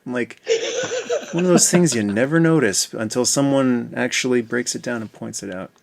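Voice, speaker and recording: A man's voice: medium pitch, moderate pace, vocal fry. A Canadian man with a Canadian accent, hosting a casual chat playfully and laughing often. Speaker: host.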